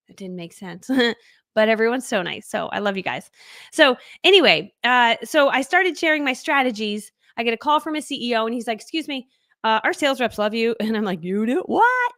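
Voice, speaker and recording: A woman's voice: fairly high pitch, fairly bright tone, no room sound, clean studio sound. A middle-aged woman coaching in network marketing, telling her story in a bubbly, chatty way, laughing often and acting out other people's voices. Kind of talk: casual storytelling to camera. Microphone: webcam.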